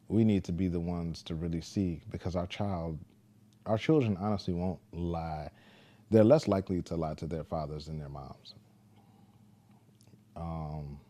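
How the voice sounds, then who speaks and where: A father talking casually to the camera, telling a parenting story in a laid-back, deliberate way. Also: low-pitched, warm tone.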